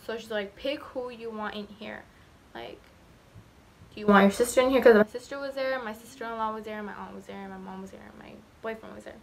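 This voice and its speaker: A woman's voice: mid-range voice, fairly even intonation, fast, creaky. Rambling teen girl telling her story. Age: late teens. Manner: rambling, repeats herself, lots of "like". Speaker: vlogger. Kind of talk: casual storytelling vlog.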